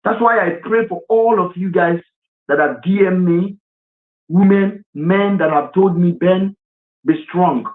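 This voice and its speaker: A man's voice: high voice, unhurried. A man with a Nigerian accent hosting a live stream, speaking earnestly and with passion, sometimes slipping into Pidgin. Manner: earnest and impassioned, mixes in Pidgin. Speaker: livestream host. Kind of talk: emotional live-stream talk. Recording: tinny phone-line sound.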